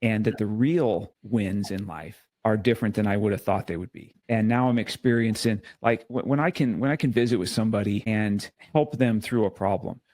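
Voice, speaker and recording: A man's voice: fairly low pitch, moderate pace, hardly any pauses, darkish tone, no room sound. A man talking earnestly in a casual faith podcast conversation, restarting and repeating words as he tells a story.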